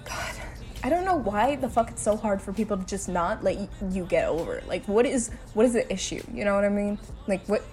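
A woman in a role-play skit, a girlfriend driving her partner home, talking to the listener and swearing while insisting she is calm. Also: medium pitch, fairly quick. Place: in a car.

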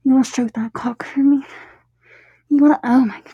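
A woman's voice: high voice, steady tone, normal speed, husky, no echo, lo-fi sound. A woman talking in an intimate improvised audio, whispery and giggly, hesitant and fumbling for words.

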